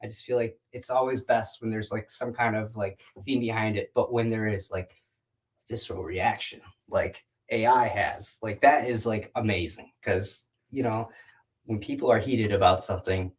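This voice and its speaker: A man's voice: lowish voice, steady tone, moderate pace. A man who is a guest artist, chatting casually and in a laid-back, rambling way about his art show. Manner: laid-back, rambling, lots of "like" and "you know". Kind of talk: casual interview chat.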